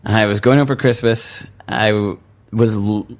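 A man chatting casually on a podcast, reacting quickly and restarting his sentences as he talks. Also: lowish voice, steady tone. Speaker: podcast co-host. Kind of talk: casual chat.

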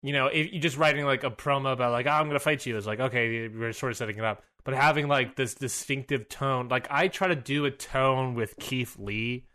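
A man's voice: medium pitch, bright, forceful tone. Rambling man in casual wrestling chat. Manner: rambling, halting with many fillers, upbeat. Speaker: podcast co-host.

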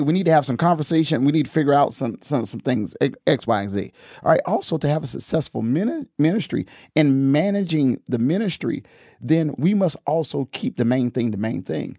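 A man hosting a podcast, talking casually about church and drifting into preaching, animated, laughing often and repeating phrases for emphasis. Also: fairly high pitch, fairly quick, no echo, studio quality.

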